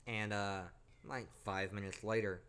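A man's voice: on the low side, a little slow, clean tone. A young man hosting a podcast, casually telling a spooky personal story with lots of swearing. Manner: profanity-laced, animated retelling. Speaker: podcast host.

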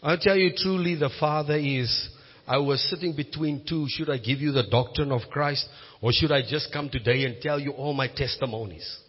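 A man with a South African accent preaching a sermon, moving from quiet storytelling to loud, emphatic declarations. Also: a little high, moderate pace, breathy edge. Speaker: pastor. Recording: muffled sound with long hall reverb.

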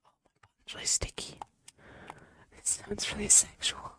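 A man's voice: moderate pace, sharp tone. A young man doing a joking whispered role-play right up against the microphone, teasing and swearing now and then. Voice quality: unvoiced whisper close to the mic.

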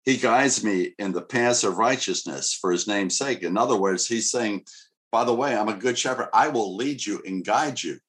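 A man's voice: fairly low pitch, normal speed, a bit bright. A middle-aged male pastor preaching a sermon in an earnest, conversational way with casual asides.

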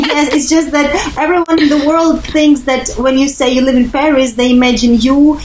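A woman's voice: high-pitched, normal speed, very noisy. A young woman from Ukraine, a guest chatting casually with frequent fillers. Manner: relaxed, hesitant with frequent fillers, laughs easily. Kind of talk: casual interview chat.

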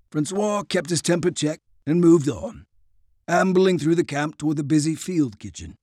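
A man narrating an audiobook chapter in an expressive storytelling voice. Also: fairly high pitch, moderate pace, no room sound, studio quality. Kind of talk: scripted narration.

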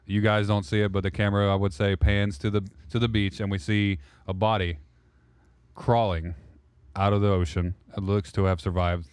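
A man's voice: sits low, darkish tone, clean tone, dry recording. A man narrating a role-play podcast as game master, loose and rambling, correcting himself as he goes.

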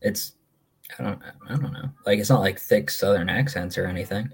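Husky-voiced young man chatting casually. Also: fairly low pitch, moderate pace. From Maine. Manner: rambling, easygoing storyteller with many fillers. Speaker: podcast co-host. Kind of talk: casual chat.

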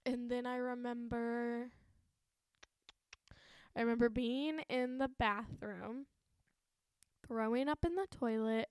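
A woman's voice: fairly high pitch, clear, resonant tone, no room sound, clean studio sound. A woman in her twenties hosting a podcast, telling a story in a chatty, profane way and laughing often. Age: 20s. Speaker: podcast host. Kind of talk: casual storytelling.

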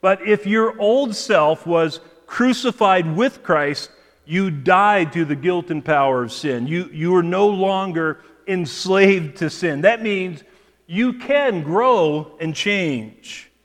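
A pastor preaching a sermon in a measured way, often repeating words as he restarts a phrase. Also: sits high, in a large hall. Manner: measured preaching with frequent word repetitions and restarts. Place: church sanctuary.

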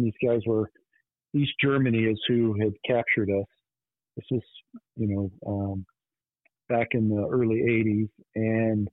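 A podcast host telling a personal story in an earnest, intense way. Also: male voice, lowish voice, no echo. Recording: tinny phone-like line, dry.

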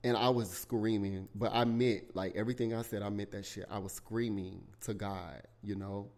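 A man's voice: on the low side, moderate pace. Candid, profane young man telling his story. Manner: candid, profane, animated retelling with bursts of shouting. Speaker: podcast host. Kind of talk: casual storytelling monologue.

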